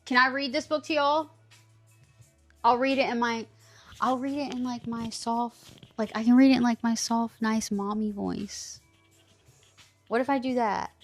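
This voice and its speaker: Woman streamer in her 30s, teasing chat, kinda high voice, faint music under it. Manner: animated, teasing, swears casually.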